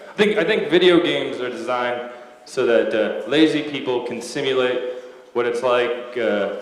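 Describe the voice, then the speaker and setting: A man doing a stand-up comedy set on a club stage, deadpan with lots of "uh" pauses. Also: medium pitch. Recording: echoey live club with loud noise.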